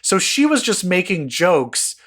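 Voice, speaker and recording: A man co-hosting a podcast, retelling gossip with animated energy and acting out what people said. His voice sits a little high for a man, and he swears freely as he talks. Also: unhurried, slight background noise. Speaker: podcast co-host. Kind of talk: casual chat.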